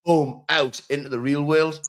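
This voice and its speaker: A man's voice: fairly high pitch, steady tone, moderate pace. A man hosting a casual interview, plain-spoken, with frequent ums. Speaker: podcast host.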